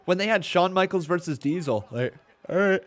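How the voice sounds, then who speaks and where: This watch-along streamer, a man in his twenties, has a high, expressive voice and talks a little fast. He chats with viewers by reading their messages out and narrating the action, though he's somewhat worn out and yawns.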